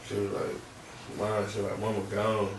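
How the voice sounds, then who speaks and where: A young man in a podcast interview, telling a personal story in a halting, slangy, subdued way. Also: fairly low pitch, monotone, recorded from a distance. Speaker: podcast guest. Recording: roomy, off-mic, faint background noise.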